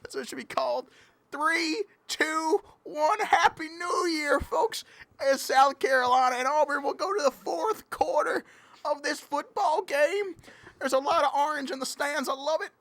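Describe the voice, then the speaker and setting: A woman's voice: high voice, normal speed, fairly bright tone. A woman doing a hyper cattle-rancher superfan. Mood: cheering. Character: excitable Southern cattle-rancher Clemson superfan. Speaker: guest commentator. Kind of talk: comedic sports commentary.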